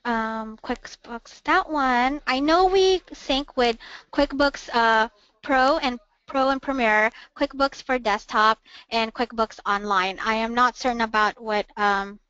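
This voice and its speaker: Woman giving a patient software demo. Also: fairly high pitch, takes it slowly, clear, resonant tone, no room sound. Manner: patient, instructive, narrates each click. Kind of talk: step-by-step webinar software walkthrough. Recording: dull, dry, lo-fi webinar audio.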